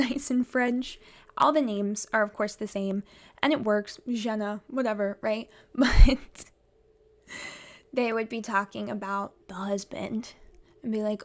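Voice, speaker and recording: A woman's voice: mid-range voice, creaky. A woman vlogging about theatre in a chatty, rambling way, laughing often. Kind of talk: casual vlog chat.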